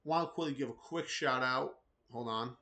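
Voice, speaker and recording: A man's voice: mid-range voice, normal speed, bright, forceful tone. A man hosts an easygoing sports news roundup. His delivery is loose and rambling, and his sentences wander through fillers and restarts. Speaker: host of a combat sports news show.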